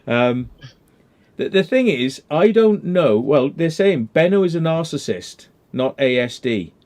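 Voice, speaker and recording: A man's voice: on the high side, very animated, measured pace, a little mellow. A man hosting a casual online chat, rambling and joking between beers, swearing now and then. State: drinking beer. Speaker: host.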